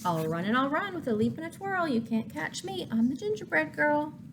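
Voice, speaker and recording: A bold little gingerbread girl from a storybook chants her rhymes in a lifted, bouncy sing-song, as a woman reading aloud puts her on. She sounds daring and quick on her feet, with a faint hiss of background noise. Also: high voice, sing-song, pitched above the performer's own voice. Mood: cheeky sing-song.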